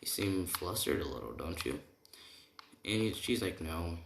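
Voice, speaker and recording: A man's voice: sits low, expressive, measured pace, vocal fry. A man casually telling a made-up fan story, rambling and retelling the dialogue with lots of "he's like" and "right?". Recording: echoey room with keyboard typing noise.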